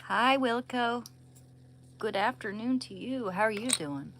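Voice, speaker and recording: Young woman on a stream, bright voice, slow easy pace, giggly and chatty, drops to whispers a lot. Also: on the high side, animated. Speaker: livestreamer. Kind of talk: casual livestream chat. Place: home room, indoors.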